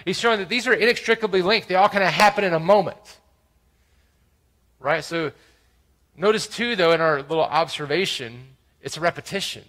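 A pastor with a high-pitched voice walks through a scripture passage. He rises to loud emphasis and drops to quiet asides, often checking in with "right?". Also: fairly quick, rough recording. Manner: expository preaching with frequent "right?" asides. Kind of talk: sermon.

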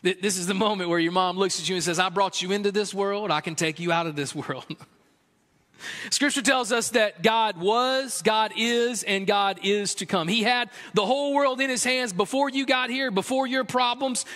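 A man's voice: extremely high pitch, measured pace, sharp tone. A man preaching a sermon as pastor, earnest and conversational with a playful humor. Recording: long hall reverb.

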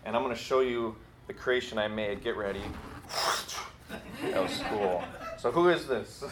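A man's voice: fairly low pitch, moderate pace, roomy sound, slight background noise. Casual storytelling male pastor. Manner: casual, storytelling, self-deprecating. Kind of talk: sermon. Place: church building.

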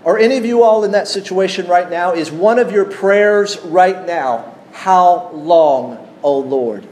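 A man preaching a sermon, teaching at an unhurried pace and putting questions to his congregation. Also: high voice, a little mellow, a little hiss or hum. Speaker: pastor.

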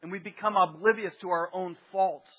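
A man with a high voice delivers a sermon as pastor, talking in a conversational way and breaking off for rhetorical asides. The recording sounds a little dull and muffled. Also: fairly even intonation, a little fast, slightly rough, big-room sound.

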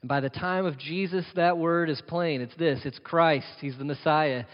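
A man's voice: on the high side, fairly even intonation, moderate pace. A man preaching a sermon as pastor, using rhetorical questions and emphatic repetition. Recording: dull sound with long reverb of a hall.

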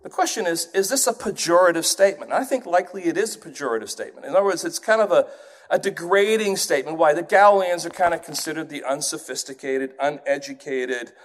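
A man who grew up in England, preaching a sermon in an animated way and putting on accents to illustrate his points. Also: a little high, fast talker.

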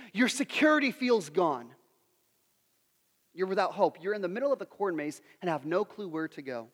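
A man's voice: high-pitched, long reverb tail. A man in his thirties preaching a sermon, telling self-deprecating stories and putting questions to his audience. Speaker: pastor.

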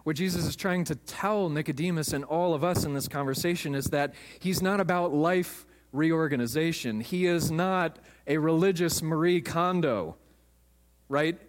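A man's voice: on the high side, moderate pace, in a large hall. A man, a pastor, preaching a sermon with emphatic storytelling in a church.

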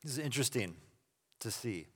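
A man preaching a sermon, retelling scripture in a casual, animated way with quick asides. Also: mid-range voice, husky, in a large hall. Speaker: pastor.

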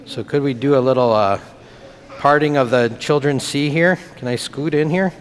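Speaking at a moderate pace in a medium pitch, a pastor talks with the children during a church message, keeping it simple and playful. The sanctuary's long reverb is clearly audible.

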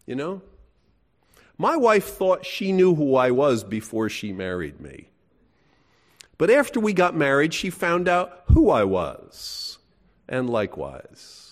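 A man's voice: fairly high pitch, wildly swooping pitch, takes it slowly. A middle-aged man preaching a sermon in a folksy, emphatic way, asking his listeners questions. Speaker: pastor.

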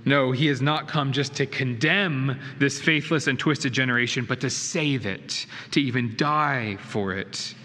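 A man's voice: mid-range voice, measured pace, few pauses, bright, forceful tone. A male pastor preaching a sermon in a church, earnest and emphatic, with rhetorical questions. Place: church sanctuary. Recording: reverberant hall with faint noise.

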